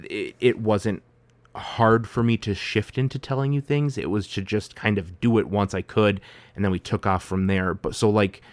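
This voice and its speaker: A man's voice: on the low side, fairly even intonation, normal speed, dry recording. A man hosting a podcast, talking casually with lots of fillers and restarts. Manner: rambling, many fillers and restarts. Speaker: podcast host. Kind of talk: casual conversation.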